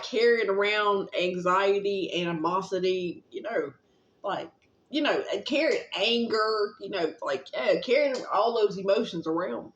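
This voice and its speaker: A woman vlogger gives a casual, rambling spiritual pep talk, gently encouraging and affectionate, with plenty of fillers and a bit of casual swearing. Her voice is medium-pitched, and the recording is roomy and slightly dull.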